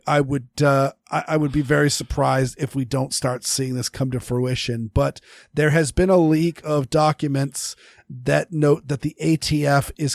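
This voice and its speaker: Man co-host, casual chat, voice sits a bit high, lots of restarts and filler words, dry close recording. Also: dry recording. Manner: rambling, many restarts and fillers. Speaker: podcast co-host.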